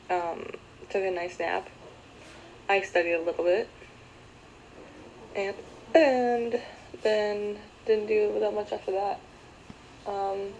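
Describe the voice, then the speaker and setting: A woman's voice: medium pitch, darkish tone, slight background noise, rough recording. A young mother vlogging casually about her day, hiccuping, rambling and apologizing often. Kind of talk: casual daily vlog.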